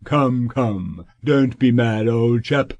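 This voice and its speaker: A man voicing a fat, pompous, scheming middle-aged male solicitor in an audiobook, talking in a drawn-out, sanctimonious way. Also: medium pitch, darkish tone, dull audio, lightly acted.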